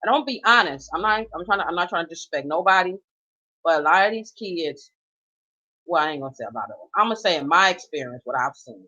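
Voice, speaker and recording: A woman's voice: lowish voice, expressive, fast, pushed and bright. A middle-aged woman, a mother and grandmother, ranting emphatically and unscripted, swearing freely as she talks. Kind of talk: unscripted personal rant. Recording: slightly dull, lo-fi sound.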